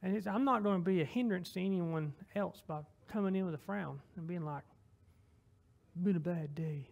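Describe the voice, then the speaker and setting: A young Southern man preaching a casual sermon in a high, gravelly voice. He rambles in a folksy, self-deprecating way, stops and restarts his sentences often, and leads straight into a heartfelt closing prayer. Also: brisk. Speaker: lay preacher.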